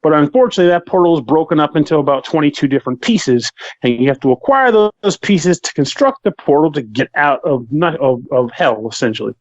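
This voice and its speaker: A man co-hosting a podcast, chatting casually and reviewing games with animated, joking rants. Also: on the high side, brisk, no room sound, dull audio. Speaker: podcast co-host, game reviewer. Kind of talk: casual chat.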